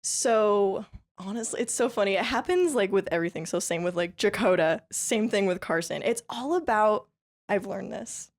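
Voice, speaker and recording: A woman's voice: medium pitch, moderate pace. A woman from California, a country fiddle player guesting on a podcast, telling stories in a chatty, upbeat way with frequent laughs and lots of "like" and "you know". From California, USA. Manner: chatty and upbeat, laughs often between phrases; tells stories lively, with many fillers like "like" and "you know". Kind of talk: casual interview storytelling.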